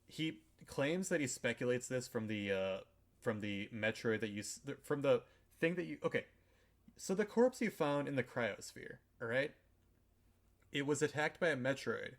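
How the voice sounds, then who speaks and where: A man's voice: medium pitch, animated, moderate pace, a bit bright. A man hosting a podcast, talking casually and loosely. He rambles irreverently, swears freely, and fills his sentences with "uh" and "like". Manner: rambling and irreverent, with frequent swearing and filler words. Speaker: podcast host. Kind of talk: casual chat recapping a video game.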